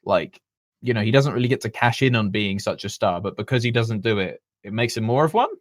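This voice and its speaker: A man's voice: lowish voice, a little fast, no echo, clean studio sound. A man co-hosting a podcast, talking conversationally and reflectively. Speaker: podcast co-host. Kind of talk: casual podcast chat.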